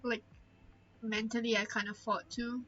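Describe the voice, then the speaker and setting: Tearful young woman, slow heartfelt talk. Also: fairly high pitch, level tone, sharp tone, highs cut off. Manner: open, heartfelt, trailing off with many fillers. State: tearful, holding back tears. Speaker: streamer. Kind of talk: candid casual chat.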